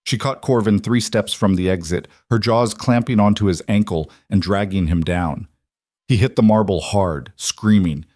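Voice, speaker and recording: A man narrating a scripted fantasy story in a dramatic, steady way. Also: on the low side, moderate pace, dry recording, studio quality.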